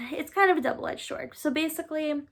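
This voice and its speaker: A woman's voice: high voice, moderate pace. A woman in her twenties telling her own story to camera in a casual, chatty way, full of fillers. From Massachusetts, US. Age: 20s. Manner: chatty, many "like" and "um" fillers, sighs.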